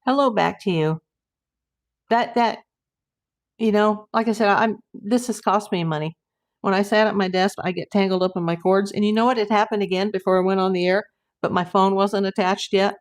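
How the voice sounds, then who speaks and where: A woman's voice: mid-range voice, fairly even intonation, normal speed. A middle-aged woman hosting a casual livestream, chatting and reading viewer comments aloud in a rambling way. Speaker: livestream host.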